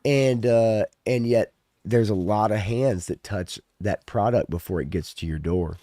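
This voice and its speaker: A man's voice: fairly low pitch, measured pace, dark tone, no room sound, studio quality. A man co-hosting a casual podcast, talking in a loose, ranting way with plenty of swearing. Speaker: podcast co-host. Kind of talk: casual chat.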